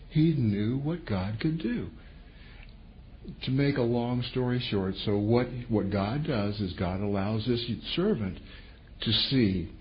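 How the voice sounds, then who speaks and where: A male preacher in mid-sermon, his voice leaping up and down as he retells a scripture story and puts on the characters' lines. The recording is dull and lo-fi, with a faint hiss behind him. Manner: animated storytelling, voices quotes with sudden pitch jumps.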